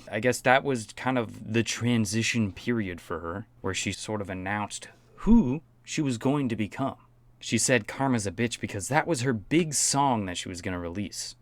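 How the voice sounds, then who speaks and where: A man giving mocking, profane commentary on a pop star. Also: lowish voice. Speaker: commentary host. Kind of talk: sarcastic commentary.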